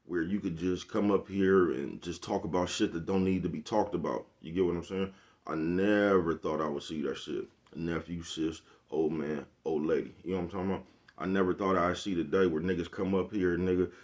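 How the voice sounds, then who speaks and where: A man with a deep, low-set voice talks straight to camera in a loose, rambling rant. He is blunt and heavy on profane slang, circling back again and again to ask if you follow him. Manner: rambling, keeps asking "you know what I'm talking about". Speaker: vlogger. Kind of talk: casual monologue rant.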